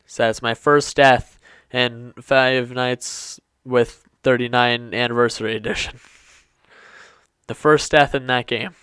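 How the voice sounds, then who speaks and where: A man's voice: medium pitch, fairly even intonation, takes it slowly, a bit bright, smooth, no room sound. A man giving casual let's-play commentary to his viewers, chatty and apologetic, stumbling over his words. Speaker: gaming YouTuber.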